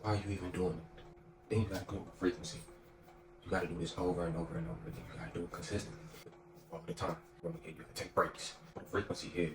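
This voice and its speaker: A man's voice: low-pitched, background noise. A man giving a casual motivational talk, slangy and emphatic, repeating his phrases for weight. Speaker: motivational speaker. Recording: echoey room, distant mic, music behind.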